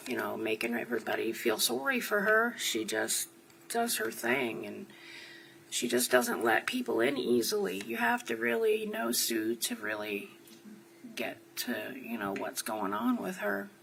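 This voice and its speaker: A woman's voice: medium pitch, very animated, measured pace, gravelly, fairly bright tone, a little hiss or hum, low-quality recording. A woman from New Jersey testifying as a witness in a courtroom, giving short answers and then rambling through long stories.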